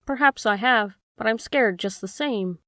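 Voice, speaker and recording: A woman's voice: fairly high pitch, measured pace, pushed and bright, dry recording, clean studio sound, recorded from a distance. A woman reading the lines of a timid lion who speaks anxiously and pleadingly.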